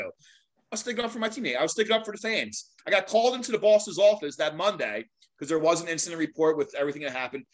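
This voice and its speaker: A middle-aged man rattling off his stories at a quick clip, his voice sitting a little high for a man. He is a guest on a podcast and talks in a loose, animated way, laughing as he goes and acting out other people's lines. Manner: animated, laughs often, acts out quotes. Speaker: guest, veteran sports mascot. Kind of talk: casual storytelling.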